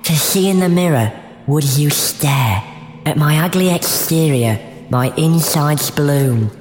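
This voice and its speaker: A young woman playing a mopey, self-pitying university student in a comedy sketch, talking in a deadpan, mournful way. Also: deep voice, takes it slowly. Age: young adult.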